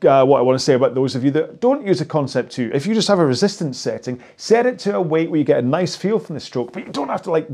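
A man's voice: fairly high pitch, a little mellow. A man coaching an indoor rowing workout in a chatty, joking way while he rows along on a machine. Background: faint music.

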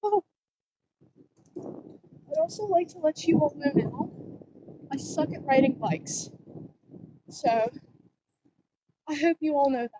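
A young-sounding woman with a high voice vlogs from a bike outdoors. She is jittery and keeps blurting out exclamations. The audio is muffled and lo-fi, picked up by a phone tied to the bike. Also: animated, slow, pauses often, background noise. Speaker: cosplay vlogger. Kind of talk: casual vlog while riding a bike. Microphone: phone strapped to the bike.

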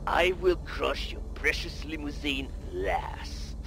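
A man's voice: a little high, wildly swooping pitch, moderate pace. An actor playing a pompous, scheming male rival driver who talks in a theatrical fake French accent. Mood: gloating. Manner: theatrical, showy villain talk.

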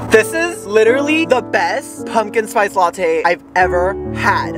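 A young man with a high, light voice chatters excitedly from his car, gushing over everything. His delivery is dramatic and overblown, with music playing underneath. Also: unhurried. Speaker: vlogger. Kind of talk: casual vlog chat. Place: parked car at a drive-thru.

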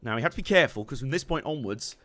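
A young man giving casual, excitable gameplay commentary, laughing, swearing and humming along as he plays. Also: mid-range voice, rapid-fire, dry recording. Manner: excitable, laughing, swearing, hums tunes while playing. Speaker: game streamer.

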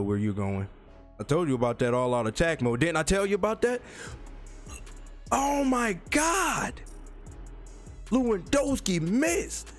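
A man calls his own football video game match, trash-talking and jumping into high yelps. His mid-pitched voice swings widely and cracks now and then. Faint music sits under his commentary. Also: a little mellow. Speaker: gaming YouTuber. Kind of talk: live gameplay commentary.

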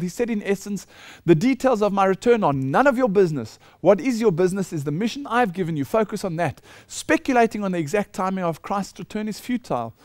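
A man's voice: high-pitched, a little mellow, no echo, clean studio sound. A man preaching a lecture-style sermon, emphatic and indignant as he rebuts quoted claims. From South Africa.

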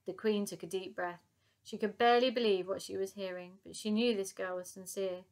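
A woman narrating a children's audiobook in a lively, expressive reading. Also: mid-range voice, moderate pace.

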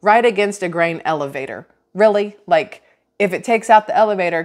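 A woman, giving casual vlog commentary in a chatty, sarcastic, rambling way full of restarts. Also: fairly low pitch. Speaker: vlogger.

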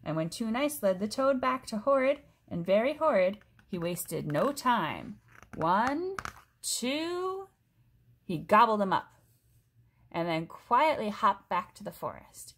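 A woman reading a picture book aloud to a child, expressive, pausing to explain things. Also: mid-range voice, husky. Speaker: story reader.

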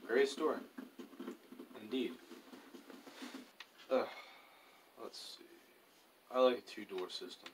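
A man's voice: fairly low pitch, takes it slowly, pauses often, recorded from a distance, noisy background. A man casually chatting and rambling to himself while playing a survival game, telling offhand stories. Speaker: gaming YouTuber. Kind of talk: casual gameplay commentary.

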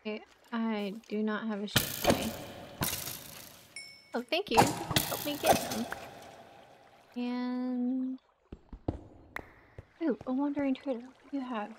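A woman's voice: on the high side, steady tone, slow, pauses often, very noisy. A woman hosting a game playthrough in casual commentary, chatty and exclaiming as she talks to the creatures on screen. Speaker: let's play host.

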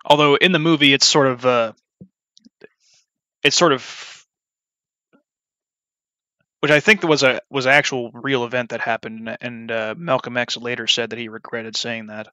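A young man talking casually in a rambling way while modding a game, full of fillers and restarts, now and then flaring into a loud rant. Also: mid-range voice, steady tone, normal speed, long pauses, smooth, no echo. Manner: meandering, many fillers and restarts, flares into loud ranting. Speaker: video creator modding a game. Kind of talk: rambling off-topic commentary.

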